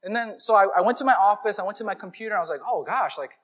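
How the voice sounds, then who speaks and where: High-voiced man preaching a casual sermon. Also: very fast. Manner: conversational storytelling, animated. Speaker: pastor.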